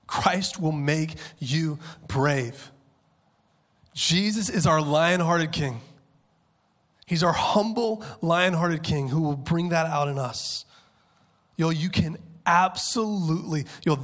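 A man in his thirties preaching a sermon with passion, dropping to hushed tones and then rising to loud, urgent peaks. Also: fairly high pitch. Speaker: pastor.

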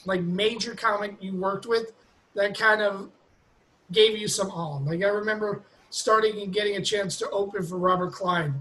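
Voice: medium pitch, steady tone, moderate pace, a bit bright, low-quality recording. A comic interviewing another comedian asks easy, loose questions. Between the stories there are only short backchannels. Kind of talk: casual interview.

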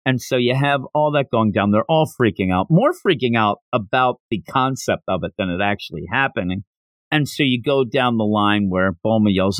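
A man's voice: fairly low pitch, normal speed, dry recording. Chatty man recapping, dry close sound. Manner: chatty, recaps plot with quoted lines and wry jokes. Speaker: podcast host reviewing manga. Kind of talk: casual solo review chat.

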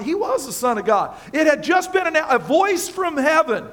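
A man's voice: very high-pitched, sing-song, moderate pace, hardly any pauses, fairly bright tone. A man preaching a sermon as pastor in a church, emphatic and passionate, repeating phrases for stress. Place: church sanctuary with congregation.

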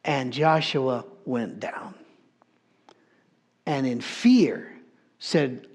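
A man's voice: mid-range voice, extremely slow, long pauses. A man preaching a sermon, telling a story in a humorous, conversational way.

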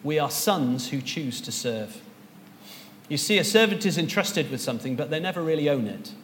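A man's voice: a little high, expressive, normal speed, fairly bright tone, long reverb tail, a little hiss or hum. A man preaching a sermon as pastor, earnest and rising to emphatic peaks.

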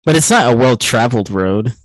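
A man's voice: medium pitch, animated, a little fast, no room sound, low-quality recording. A man co-hosting a podcast, chatting casually about a film and rambling with many fillers and restarts. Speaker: podcast co-host.

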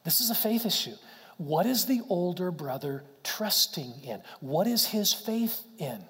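A man's voice: sits high, very animated, unhurried, fairly bright tone. Earnest male pastor in a reverberant hall. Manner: earnest preaching, stumbling restarts, rhetorical questions. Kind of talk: sermon.

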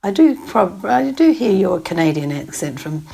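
A woman's voice: medium pitch, very animated, normal speed, vocal fry, warm tone, slightly rough. A woman in her sixties with a New Zealand accent, a thoughtful, hesitant interview guest who laughs often. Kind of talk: casual conversation.

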